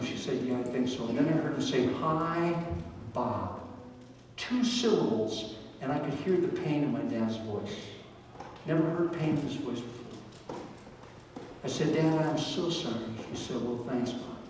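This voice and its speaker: An older man doing live comic storytelling with a faith message, wry and deadpan, dropping to soft, slow lines for tender moments. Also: on the high side, far from the mic, slight background noise. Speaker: stand-up storyteller. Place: large reverberant camp hall. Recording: very echoey hall picked up from afar.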